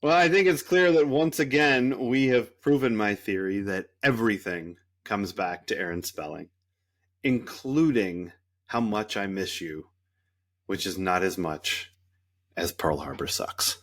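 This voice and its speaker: A man's voice: lowish voice, a little slow. A man from Kentucky co-hosting a podcast in casual chat, joking and sarcastic. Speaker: podcast co-host.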